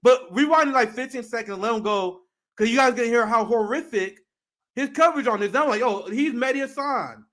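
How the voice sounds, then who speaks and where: A man reacting to a video clip, his voice riding very high as he rants. He talks fast and heatedly, with plenty of profanity. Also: a bit bright. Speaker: commentary co-host.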